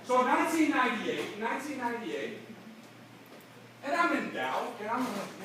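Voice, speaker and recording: A middle-aged man giving a motivational convention speech from a stage, energetic and punchy, acting out dialogue and asking the crowd "right?" often. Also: high-pitched, a little hiss or hum. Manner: energetic, fast-shifting, acts out dialogue, frequent "right?". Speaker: motivational speaker. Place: large convention hall. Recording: echoey hall recording from far off.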